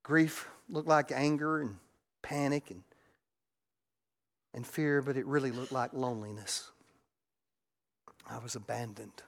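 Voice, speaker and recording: Middle-aged man, pastor preaching, emotional storytelling, mid-pitched voice. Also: fairly even intonation, measured pace, vocal fry, long pauses. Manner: raw, emotional storytelling, swinging from loud to hushed. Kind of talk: sermon.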